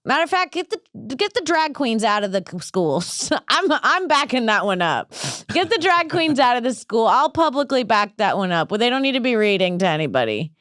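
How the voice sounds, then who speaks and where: A brash woman comedian riffing in a casual podcast chat, with a very animated, swooping voice. She rambles and laughs easily. The sound is dry and close to the mic. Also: medium pitch, brisk, few pauses, clean tone, no echo.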